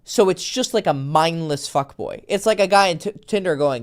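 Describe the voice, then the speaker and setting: A man's voice: a little high, normal speed. A man working as a dating coach, talking casually and bluntly, swearing now and then and acting out quoted texts as he tells stories. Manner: animated storytelling, acts out quoted texts. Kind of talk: casual podcast conversation.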